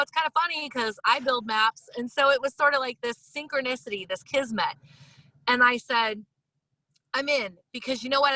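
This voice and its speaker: A woman hosting a casual interview chat, talking in an emotional, enthusiastic and expressive way. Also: fairly high pitch, dry recording, rough recording. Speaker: podcast host.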